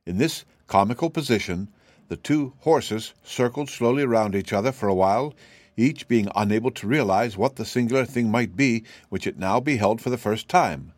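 A man reading a children's storybook aloud in steady, measured narration. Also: mid-range voice, dry recording. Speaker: audiobook reader. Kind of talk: scripted narration.

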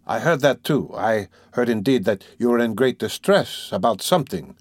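A man voicing a calm, quietly ironic middle-aged magistrate who speaks coolly. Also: medium pitch, moderate pace, no echo, clean studio sound, close to an everyday voice.

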